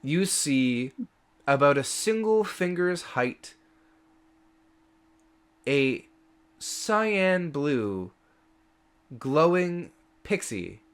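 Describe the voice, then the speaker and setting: Lively, playful male game master. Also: fairly high pitch, extremely slow, long pauses, smooth. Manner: explanatory, playful. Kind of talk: running a tabletop game.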